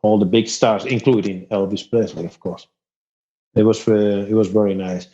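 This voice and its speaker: A man from Spain with a Spanish accent, a musician guest telling stories in a casual, animated way. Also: fairly low pitch, normal speed. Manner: animated, laughing storyteller. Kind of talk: casual storytelling interview. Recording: dull lo-fi sound.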